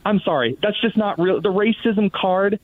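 A sarcastic, animated man speaks as a guest commentator on political talk radio, mocking the other side with little put-on voices. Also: high-pitched, moderate pace, dry recording. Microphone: phone line. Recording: tinny phone-line sound.

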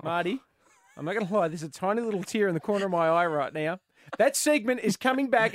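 A man's voice: sits high, lively intonation. A man with an Australian accent hosting a radio show, joking and bantering with callers and guests. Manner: jokey, quick, laughs often. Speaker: radio host. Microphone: studio mic.

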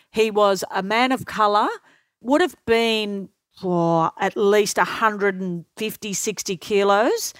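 A middle-aged woman telling lively anecdotes as an interview guest, acting out what others said. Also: mid-range voice, no echo. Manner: lively anecdotal storyteller, acts out quotes. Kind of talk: storytelling interview.

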